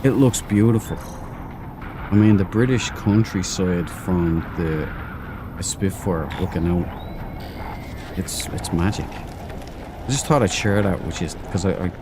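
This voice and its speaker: Low-voiced Irish man chatting while streaming. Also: noisy background. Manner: rambling and chatty, with a slangy aside now and then. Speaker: game streamer. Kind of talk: casual live-stream chat.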